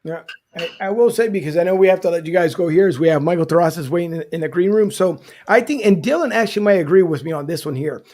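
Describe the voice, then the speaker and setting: A man's voice: high-pitched, lively intonation, fast talker, hardly any pauses, darkish tone. A man hosting a casual sports talk show, teasing his guests and joking about rival teams. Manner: jokey, teasing, talks over others. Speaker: host.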